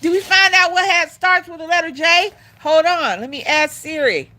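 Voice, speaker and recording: A woman's voice: very high-pitched, moderate pace, sharp tone. A woman hosting a casual livestream, chatting with her viewers and calling them y'all. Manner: sing-song coaxing to her dog. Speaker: livestream host.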